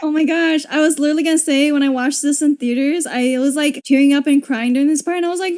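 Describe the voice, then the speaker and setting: High-voiced young woman riffing on a film. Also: quick pace, hardly any pauses. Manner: expressive, laughing, swearing. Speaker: video creator. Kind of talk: casual movie commentary.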